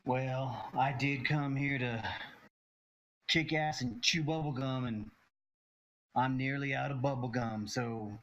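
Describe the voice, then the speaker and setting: A man playing a tabletop game with slow, tough-guy joking. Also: medium pitch, steady tone, a bit bright, dull audio. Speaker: player. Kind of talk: casual tabletop play.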